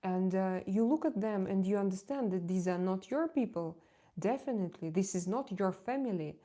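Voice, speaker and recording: A woman with an expressive, mellow mid-range voice speaks at normal speed. She's a tarot reader chatting casually on her live stream: candid, confiding, quick to laugh, and prone to hesitating and repeating words while searching for them.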